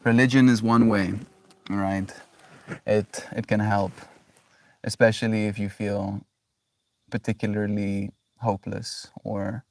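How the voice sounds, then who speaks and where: Reflective low-voiced man streaming. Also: gravelly, a little mellow, no echo, distant mic. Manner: reflective, repeats "right?", effusive affection. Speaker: daily livestreamer. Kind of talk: casual spiritual livestream talk.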